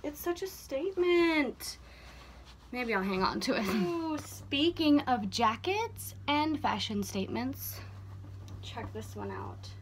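A young woman talks casually to her camera, playful and animated as she shows off clothes. Her voice sits a little high. A faint hum of noise runs under the recording. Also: takes it slowly. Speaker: vlogger. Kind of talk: casual vlog chat. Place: houseboat interior.

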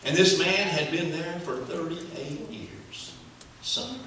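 A male preacher with a strikingly bright, ringing voice, rolling through rhythmic, repeated phrases. He swings between hushed and loud passages. The sound fills a large echoey sanctuary, picked up from a distance with a faint hum. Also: a little high, animated, measured pace. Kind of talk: sermon. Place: church sanctuary.

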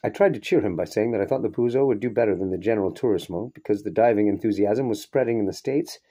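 A man reads a short story aloud at a steady, measured pace. His voice sits low, with a dark, mellow tone. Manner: steady, measured reading with brief asides. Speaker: reader. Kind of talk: audiobook narration of a short story.

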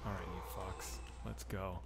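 Low and level, with vocal fry and a measured pace, this forties-aged man talks profanely to his chat while playing a game on stream. Heavy background noise sits under his casual livestream banter.

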